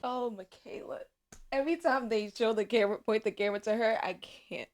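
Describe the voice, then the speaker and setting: Excitable woman reacting to a show. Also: a little high, fairly quick. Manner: excitable, emotional, chatty, laughing often. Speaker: reaction video host.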